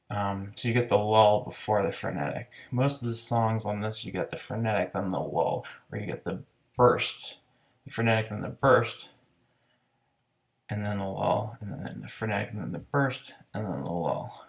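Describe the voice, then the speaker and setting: A man's voice: lowish voice, normal speed, creaky. A man giving a casual, rambling album review, enthusiastic and full of fillers and restarts. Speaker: music reviewer.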